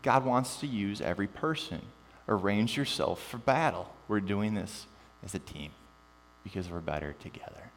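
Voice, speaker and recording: Pastor guy preaching, lowish voice, big echoey church hall, bit of hum. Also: moderate pace. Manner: animated preaching with jokes, drops to quiet emphasis. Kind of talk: sermon. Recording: long reverb with mains hum.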